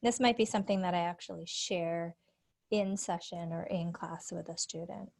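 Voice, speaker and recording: Her voice is fairly low, creaky and a little mellow, with fairly even intonation at a moderate pace. In her forties and working as a speech-language pathologist, she shares her screen on a computer call to present teaching activities to teachers at a conference, explaining things warmly and using plenty of fillers.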